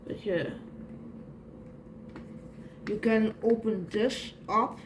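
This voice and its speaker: A young woman vlogging an unboxing at home, gushing excitedly as she talks. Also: medium pitch, drawn-out words, a little hiss or hum. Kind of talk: casual unboxing vlog.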